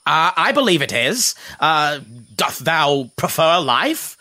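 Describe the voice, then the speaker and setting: A man's voice: fairly high pitch, sing-song, slow pace, pushed and bright, exaggerated voice. A man voicing a cheerful male forest being who speaks in formal, archaic thees and thous. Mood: jovial.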